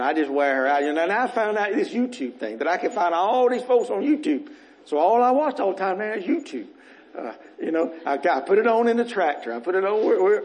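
A man preaching a sermon in church as minister, earnest and rambling, his voice going a little rough. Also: sits high, darkish tone, low-quality recording. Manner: earnest, rambling, repeats words as he restarts. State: voice getting rough.

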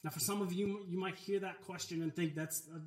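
A man delivers a sermon with earnest, emphatic conviction. His voice sits high for a man, and it carries around a reverberant church sanctuary. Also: steady tone, fairly quick. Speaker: pastor. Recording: echoey church room.

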